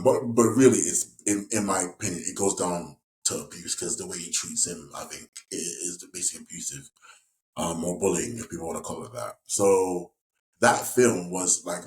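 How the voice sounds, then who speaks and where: A young English man from West Yorkshire, an actor guest in a casual interview, talking in a rambling way with many restarts and fillers. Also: deep voice. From West Yorkshire, England. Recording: echoey room.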